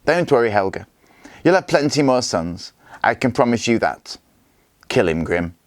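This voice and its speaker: A man voicing a scheming, boastful Viking warlord who speaks with smooth-talking menace in a read-aloud story. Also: medium pitch, very animated, moderate pace, dry recording, studio quality, voice pushed up, close to an everyday voice. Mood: mocking.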